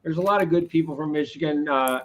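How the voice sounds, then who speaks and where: A Boston man with a slightly high voice hosts a casual live-stream talk, speaking fast over slight background noise. He rambles, repeats words, and speaks his mind in an opinionated way.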